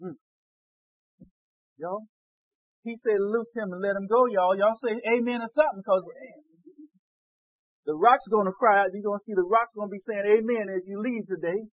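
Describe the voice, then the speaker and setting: A man preaching a sermon, moving from quiet storytelling to loud shouted calls. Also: high voice, moderate pace, no echo. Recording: dry tinny phone-like sound.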